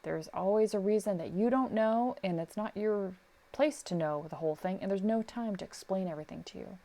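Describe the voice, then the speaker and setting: A woman's voice: mid-range voice, fairly quick. A middle-aged woman, a sound recordist, chatting casually on a podcast and acting out the people in her stories. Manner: animated storyteller, acts out quotes. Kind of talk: casual advice chat.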